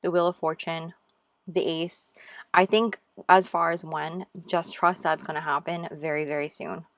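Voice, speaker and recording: A woman with a low voice reads tarot cards for her viewers in a casual, gushing way. She keeps encouraging them and talks to them as "you guys.". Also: flat delivery, measured pace, dry recording. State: out of breath. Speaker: tarot reader. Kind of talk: casual tarot reading to camera.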